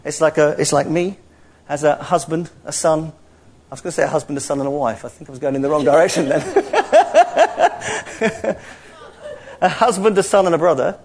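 A man preaching a sermon in an animated, playful way, acting out little dialogues as he teaches. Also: on the high side, a little fast, pauses often, breathy edge.

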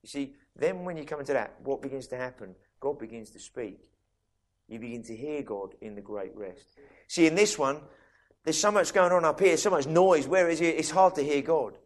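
A man's voice: on the high side, animated. A man preaching a sermon in a conversational way, restarting sentences and asking listeners questions. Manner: conversational, with many quick restarts and asides to listeners.

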